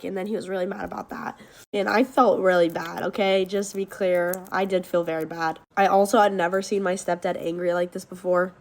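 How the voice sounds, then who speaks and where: An eighteen-year-old woman telling a story in a casual, profane way, rushing through parts, laughing and shrieking when she acts out scenes. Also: medium pitch, darkish tone. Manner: rapid, profane, laughing between lines, shrieking when reenacting.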